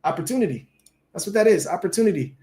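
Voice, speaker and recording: A man's voice: high voice, expressive, quick pace, mellow. A man hosting a casual livestream, talking loose and slangy with frequent swearing. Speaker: livestream host.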